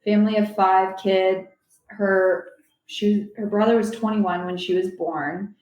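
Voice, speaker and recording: Young woman guest, chatty and animated, from Silicon Valley; recorded with an echo. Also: mid-range voice, measured pace. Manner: animated, rambling, quotes people in voices. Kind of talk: casual storytelling chat. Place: convention venue. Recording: roomy echo.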